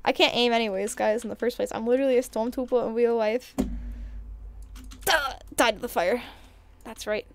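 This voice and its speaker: A high-pitched woman talking casually on a live game stream. She chats with viewers, reads their messages aloud and reacts to what happens in play. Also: steady tone, normal speed, long pauses, a little hiss or hum. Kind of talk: casual live-stream chat while gaming.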